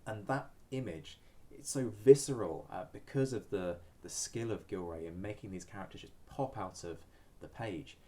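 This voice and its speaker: Low, mellow-voiced male historian. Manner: measured, explanatory, with frequent ums. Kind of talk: expert commentary.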